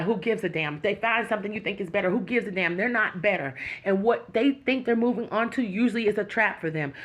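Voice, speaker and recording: A woman's voice: mid-range voice, poor audio. A woman hosting her own channel, talking straight to her viewers with earnest, preaching encouragement. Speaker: YouTube channel host. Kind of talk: emotional direct-to-camera talk.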